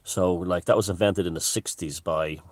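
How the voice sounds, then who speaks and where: Speaking at a moderate pace in a low, steady voice, a vlogger gives his viewers a rambling, joking monologue to camera. Fillers and restarts crop up throughout, and the recording has no echo.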